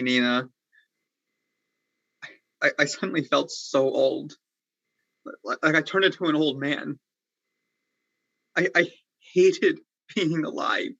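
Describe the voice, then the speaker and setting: Actor as a stammering, despairing young playwright. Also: male voice, fairly high pitch, fairly bright tone, highs cut off, exaggerated voice. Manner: stammering, pleading. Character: young playwright Konstantin, despairing, pleading, lovesick. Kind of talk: virtual play reading. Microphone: video call.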